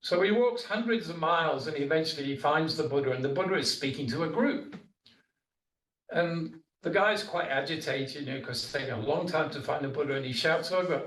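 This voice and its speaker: A Buddhist monk giving a dharma talk, chatting his way through stories with casual asides. His voice sits somewhat high for a man. He is picked up from a distance in a roomy meditation hall. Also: fairly quick, a bit bright. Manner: conversational storytelling with asides.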